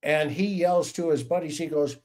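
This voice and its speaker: A man's voice: on the high side, moderate pace. Middle-aged man telling police stories. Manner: animated anecdotes with acted-out voices. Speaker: podcast host, retired police officer. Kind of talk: casual livestream storytelling.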